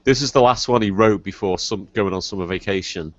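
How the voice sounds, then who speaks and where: On a comedy podcast, an adult male co-host does a mock reading of a story and chats casually, animated, laughing, and swearing plenty. His fairly low voice runs a little fast, captured in a dry, dull lo-fi recording.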